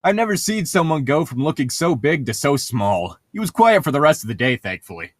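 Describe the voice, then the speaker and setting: A man's voice: a little high, big pitch swings, brisk, dry recording, clean studio sound. A man hosting a casual comedy podcast, swearing freely and laughing often. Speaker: podcast host.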